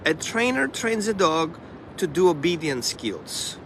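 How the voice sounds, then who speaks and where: Brief: animated male dog trainer, bright voice, talking outside with faint traffic behind him. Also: on the high side. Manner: animated, acts out the dog and owners in quick asides. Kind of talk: casual live stream monologue.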